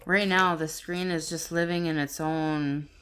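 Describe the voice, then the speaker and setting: Excitable woman chatting in a casual vlog. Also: deep voice, unhurried, slight background noise. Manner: excitable, gushing, laughs often. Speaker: vlogger. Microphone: phone camera on tripod.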